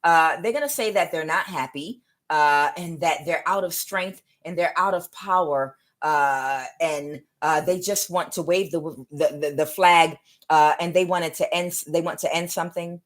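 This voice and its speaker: Woman tarot reader, low voice, rambling, repeats herself, talks to viewers. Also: measured pace, few pauses. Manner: rambling and repetitive, many restarts; addresses viewers directly. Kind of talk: live tarot reading.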